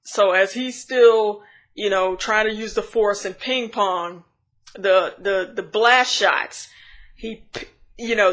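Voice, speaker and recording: A woman's voice: a little high, a bit bright. A woman reviewer giving a casual, rambling scene-by-scene recap, chatty with frequent restarts and giggles. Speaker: show reviewer.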